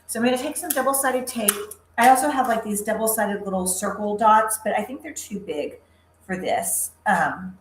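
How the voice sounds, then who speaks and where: A woman's voice: mid-range voice, normal speed, roomy sound, slight background noise, low-quality recording. Chatty woman hosting a craft livestream. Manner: chatty, upbeat, talks to viewers by name while crafting. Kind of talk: casual live craft demo with chat.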